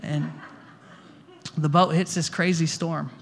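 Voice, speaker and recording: Male pastor, sermon, higher-pitched voice, chatty delivery, repeats words. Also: level tone, slow pace, gravelly, a little hiss or hum. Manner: conversational, repeats words, asks the room questions. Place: church hall before a congregation.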